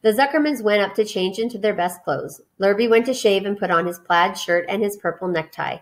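A woman reads a children's novel aloud, giving the narration an expressive storyteller's lilt. She trips over a word now and then and simply restarts. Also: mid-range voice, a little fast. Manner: expressive, with small slips and restarts. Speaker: reader.

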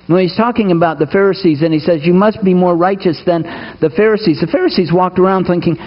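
A man's voice: high voice, fast talker, highs cut off. A man preaching a sermon to his congregation, emphatic, putting rhetorical questions to the listeners. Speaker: pastor. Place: church sanctuary.

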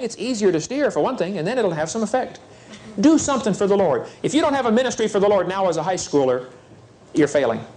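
A middle-aged man preaching a lively seminar talk to young people, folksy and energetic in his storytelling. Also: high voice. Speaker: evangelist speaker.

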